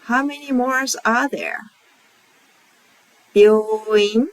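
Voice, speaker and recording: A woman with a Japanese accent teaching pronunciation, repeating each example word slowly and carefully. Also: mid-range voice, big pitch swings, no room sound, poor audio. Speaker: language teacher. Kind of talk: slow, clear pronunciation lesson.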